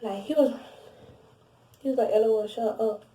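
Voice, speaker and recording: A young woman with a mellow, darker voice tells a story straight to camera, blunt and animated, cursing freely and circling back over her own sentences. She sits a little back from the mic, so her voice carries a roomy echo. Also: a little high, normal speed, recorded from a distance. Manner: animated and blunt, heavy swearing, frequent restarts and asides. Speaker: vlogger. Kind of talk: casual storytime monologue.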